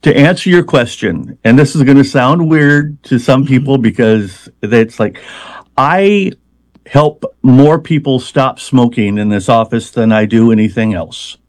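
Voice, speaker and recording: A man's voice: mid-range voice, measured pace, a little mellow, dry recording. Hesitant, explaining man, dry close sound. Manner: hesitant, many fillers and restarts, explanatory. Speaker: hypnotist, interview guest. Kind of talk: conversational interview.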